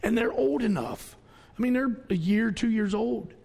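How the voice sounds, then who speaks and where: Gravelly preacher with a drawl in a hall. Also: male voice, high voice, expressive, normal speed. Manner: folksy, conversational preaching with sudden loud outbursts and hushed asides. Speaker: pastor. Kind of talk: sermon. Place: church.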